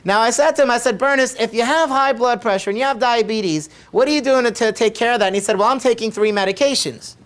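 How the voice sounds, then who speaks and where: A man's voice: extremely high pitch, fast talker, few pauses, a bit bright. A middle-aged man, a chiropractor, telling a patient story to camera in a conversational way and repeating his questions for emphasis. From United States.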